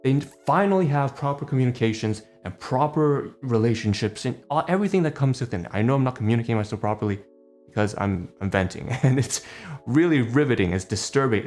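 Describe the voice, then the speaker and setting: A man's voice: mid-range voice, lively intonation, brisk, a little mellow, soft background music. A man venting in a heated, profane, emphatic monologue as a channel host.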